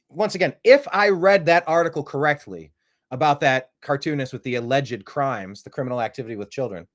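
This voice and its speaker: Opinionated man hosting a live stream. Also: on the high side. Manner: rambling, rhetorical questions, emphatic. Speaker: host.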